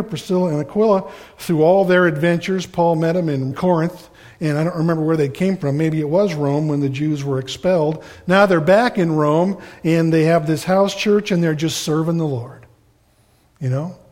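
A man preaches in a relaxed, rambling way, stopping to poke fun at himself. His voice sits somewhat high for a man. It rings out with the long reverb of a big church hall. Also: moderate pace. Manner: casual, rambling, self-deprecating. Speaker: pastor. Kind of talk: conversational sermon.

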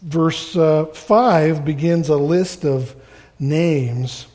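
A man preaches in a relaxed, rambling way, stopping to poke fun at himself. His voice sits somewhat high for a man. It rings out with the long reverb of a big church hall. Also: very slow. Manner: casual, rambling, self-deprecating. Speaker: pastor. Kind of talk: conversational sermon.

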